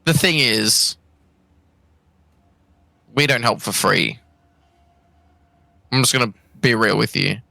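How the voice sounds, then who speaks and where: A man's voice: fairly low pitch, expressive, slow, creaky, long pauses, bright, forceful tone, no echo. An Australian man playing a tabletop game, joking and laughing often as he talks in character. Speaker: player.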